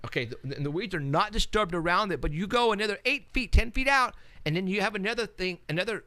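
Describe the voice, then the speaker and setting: A man's voice: sits high, animated, fast, pushed and bright, no room sound. A man co-hosting a paranormal radio show, talking in a rambling, casual way with many restarts as he walks through photos.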